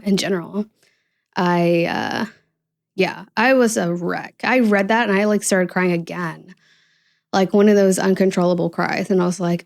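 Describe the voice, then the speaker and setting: Young female podcast host, casual confessional chat, loose and rambling, many fillers. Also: medium pitch. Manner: candid, rambling, full of fillers.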